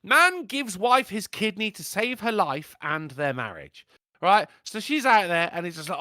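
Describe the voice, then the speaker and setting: Male podcast host, rambling jokey storyteller, bright voice with a lot of swing, pitched a bit high, dry close sound. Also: big pitch swings, a little slow, no echo. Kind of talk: casual crude chat.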